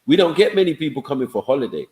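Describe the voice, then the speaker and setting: A man's voice: medium pitch, very animated, rapid-fire, darkish tone, reverberant, low-quality recording. A man, chatting easygoing on a live online panel and often asking "you get me.". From England.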